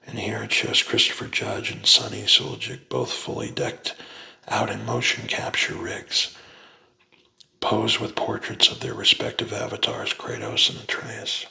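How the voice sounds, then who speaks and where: A man reads aloud in a hushed, unhurried ASMR whisper, his low voice heavily gravelly and sharp-edged. The sound is roomy, with a noticeable echo around it. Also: completely flat delivery. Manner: soft, unhurried whispered reading. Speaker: ASMR reader. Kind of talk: whispered ASMR book reading.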